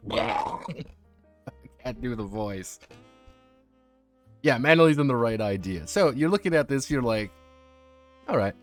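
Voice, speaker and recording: Soft background music plays as a man with a mid-range voice and lively intonation speaks a little slowly, leaving long pauses. It's a casual chat in which he streams a review of a tabletop game, rambling, cursing freely, and often using fillers and restarting sentences.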